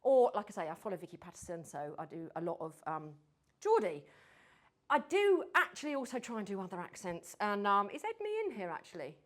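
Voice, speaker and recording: A woman giving a lively talk on storytelling to a group, acting out her stories and sometimes dropping to a whisper for suspense. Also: mid-range voice, a little fast. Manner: animated, mimics accents, drops to whispers for suspense. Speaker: speaker on storytelling.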